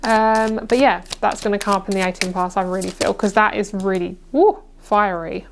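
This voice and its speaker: A woman's voice: medium pitch, moderate pace, vocal fry, a little hiss or hum. Chatty woman doing a tarot reading. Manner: chatty, reassuring, many fillers. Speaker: tarot reader.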